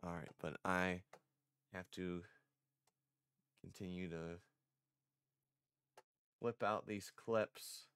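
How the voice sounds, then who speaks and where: A man's voice: low voice, steady tone, drawn-out words, pauses often, a bit bright, clean tone. A man streaming casually, rambling and self-conscious, a little congested. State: slightly congested. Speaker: vtuber streamer.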